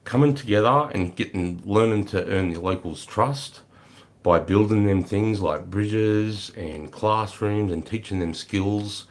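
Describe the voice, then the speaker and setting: An Australian man hosting a casual livestream, greeting viewers and chatting with a relaxed, swearing, matey manner. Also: lowish voice, measured pace. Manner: swears freely, laid-back, greets chatters as mate and brother. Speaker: livestream host. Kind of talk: casual livestream chat reading comments.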